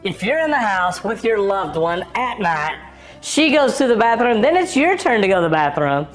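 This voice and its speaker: Lively, jokey female narrator. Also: mid-range voice, moderate pace, soft background music. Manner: jokey and conversational, very lively intonation. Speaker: narrator of a plumbing education channel. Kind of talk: scripted narration with casual asides.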